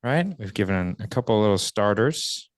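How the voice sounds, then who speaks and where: A man's voice: on the low side, animated, moderate pace, no room sound, clean studio sound. A man co-hosting a training session, trading playful jokey asides. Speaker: co-host. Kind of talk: playful banter.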